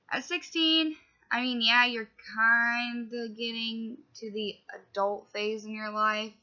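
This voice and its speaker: A woman's voice: fairly high pitch, pushed and bright, dull audio. A young woman talking casually to camera in a personal vlog, rambling and chatty with lots of "like". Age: young adult. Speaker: vlogger.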